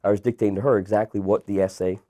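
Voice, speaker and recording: A Canadian man in his thirties, a guest entrepreneur telling his story in a relaxed, rambling interview style. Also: on the low side, racing. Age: 30s. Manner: relaxed, rambling with many fillers and restarts.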